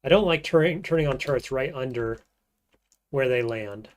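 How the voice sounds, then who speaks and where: A man thinks his way through a roguelike on stream in laid-back commentary, his remarks often fading to hushed mutters. He talks at a moderate pace with a medium pitch.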